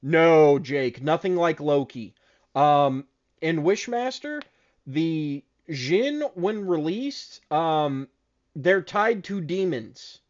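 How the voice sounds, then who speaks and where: A man co-hosting a casual chat show, telling stories in a profane, animated way. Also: a little high, very slow, dull audio. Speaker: podcast co-host.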